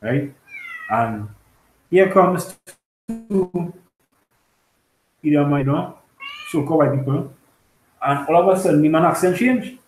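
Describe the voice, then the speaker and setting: A man shares a story in a casual religious group discussion, his voice a touch higher than most men's. He talks haltingly, filling pauses and checking that his listeners follow. The room around him is echoey. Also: a little hiss or hum. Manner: halting storytelling, many fillers, keeps asking "you understand?". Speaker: discussion participant.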